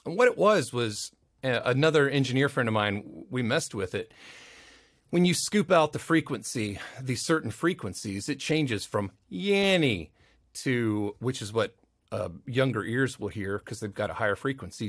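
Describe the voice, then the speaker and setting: A man's voice: lowish voice, moderate pace, no echo, studio quality. A man chatting as a podcast guest, telling anecdotes with energy and acting out the other people in them. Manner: animated storyteller, acts out the voices in his anecdotes. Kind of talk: casual storytelling chat.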